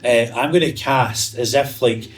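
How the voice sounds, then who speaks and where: A man's voice: medium pitch, measured pace. A man playing a tabletop game, animatedly explaining the spells he casts. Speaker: player. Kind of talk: casual tabletop game chat. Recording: distant mic.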